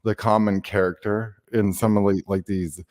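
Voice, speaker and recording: Male guest, fairly low voice, earnest and long-winded. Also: little pitch movement, moderate pace, a little mellow. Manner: earnest, explains at length with restarts. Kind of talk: casual podcast chat.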